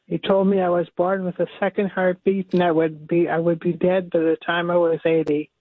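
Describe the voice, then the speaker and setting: A woman calling in to a radio show, giving brief, soft-spoken answers over the phone. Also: on the low side, little pitch movement, brisk, no echo. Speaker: caller. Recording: dry, tinny phone line.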